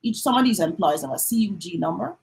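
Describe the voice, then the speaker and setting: A middle-aged woman with a Jamaican accent talks casually on a live stream. She acts out quick exchanges and drifts between standard English and patois. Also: on the low side, expressive, vocal fry, darkish tone, poor audio. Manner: chatty, mixes in patois, acts out little dialogues.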